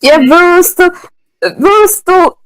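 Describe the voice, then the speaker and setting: A woman's voice: extremely high pitch, expressive, takes it slowly, low-quality recording. A woman playing a tabletop role-playing game, describing her character hesitantly with many restarts. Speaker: player. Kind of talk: tabletop role-play chat.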